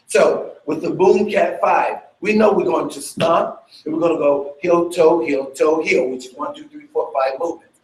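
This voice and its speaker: A man's voice: a little high, normal speed. A male dance fitness instructor teaching a workshop, chatty, checking in with listeners and vocalizing beats and sounds with energy. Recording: echoey room.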